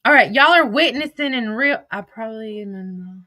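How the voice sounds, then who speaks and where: A young woman livestreaming, her higher voice bright and sharp. She reads text messages aloud and rants in a heated, profane way. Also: expressive, brisk, no echo. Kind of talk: livestream, reading texts aloud.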